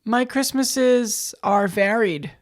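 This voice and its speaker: A woman's voice: on the high side, slow pace. A woman co-hosting a casual podcast chat, joking and self-mocking. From United States. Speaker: podcast co-host.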